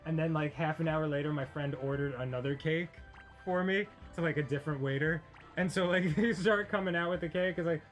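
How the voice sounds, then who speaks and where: A man's voice: a little high, brisk, over music. A man co-hosting a casual chat, telling a story in a rambling way full of fillers, restarts and laughter. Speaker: podcast co-host.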